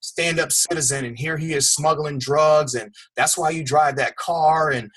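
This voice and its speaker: Middle-aged guy, trainer, husky voice, talks candid and loose, says "man" a lot. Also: a little high, steady tone, normal speed, a bit bright. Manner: candid, conversational, repeats words and uses "man". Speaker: fitness trainer telling his story. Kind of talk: personal storytelling on a call.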